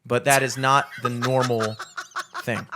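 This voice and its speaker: A man's voice: measured pace, background noise. A young adult man co-hosting a podcast, chatting casually, rambling and swearing often. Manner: rambling, swears freely, animated swings in pitch. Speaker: podcast co-host. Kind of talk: casual chat.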